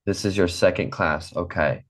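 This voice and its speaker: A man teaching an online English class, patient and encouraging, drilling words slowly and clearly. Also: sits low.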